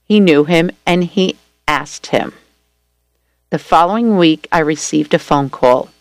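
A woman reading a first-person story aloud at a steady, gentle storytelling pace. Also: sits low, unhurried, no echo. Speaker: story reader.

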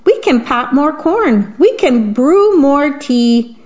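A woman reading aloud voices a small, kind mouse with a squeaky, soothing manner. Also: expressive, takes it slowly, darkish tone. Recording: dull lo-fi recording.

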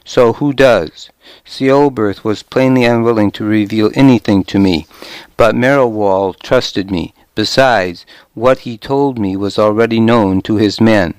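Slow, smooth-voiced male narrator. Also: lowish voice, no echo. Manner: measured, steady storytelling. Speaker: audiobook narrator. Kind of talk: scripted first-person narration.

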